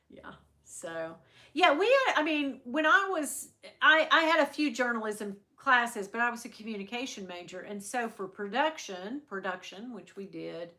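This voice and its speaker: Chatty Southern woman, bright voice. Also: a little high, expressive, measured pace. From American South. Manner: chatty, rambling, many restarts. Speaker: livestream host. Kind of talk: casual chat with live viewers.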